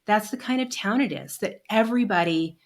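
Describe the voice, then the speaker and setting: A woman hosting a podcast, chatting warmly and getting emotional as she tells a story. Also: medium pitch, brisk. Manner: warm and emotional when telling stories, chatty. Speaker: podcast host. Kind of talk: casual interview conversation.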